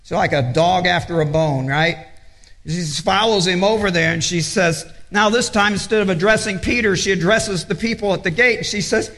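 A man's voice: sits high, normal speed, a bit bright, long reverb tail. A man preaching a sermon, earnestly retelling a story and acting out its quotes for children. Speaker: pastor.

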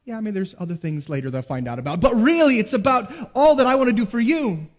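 A man preaching a sermon as pastor, earnest, rising to emphatic peaks and dropping low. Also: expressive, fast, in a large hall.

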